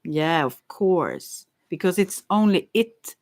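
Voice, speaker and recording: A woman's voice: on the low side, expressive, takes it slowly, darkish tone. A woman rambling in a casual monologue, musing dreamily, giggling and stammering with frequent restarts.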